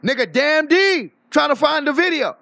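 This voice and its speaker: A man's voice: extremely high pitch, lively intonation, normal speed, creaky, background noise. A man ranting boastfully on a live stream, swearing freely and laughing often. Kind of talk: casual livestream rant.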